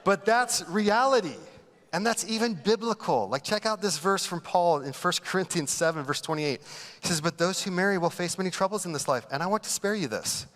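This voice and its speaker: A man's voice: sits high, a little fast, fairly bright tone, long reverb tail. A man preaching a humorous sermon as pastor, telling stories animatedly and mocking the voices he quotes. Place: large church auditorium.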